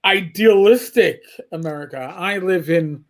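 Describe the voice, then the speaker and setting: A man's voice: sits high, measured pace. A man from New York City in his forties, co-hosting a casual chat and often repeating words as he starts sentences. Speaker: podcast co-host.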